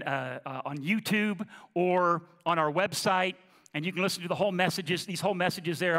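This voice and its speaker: Slow-talking bright-voiced pastor preaching. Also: male voice, sits high. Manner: conversational preaching, rising to slow emphatic lines. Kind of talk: sermon. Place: church sanctuary. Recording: long reverb of a church hall.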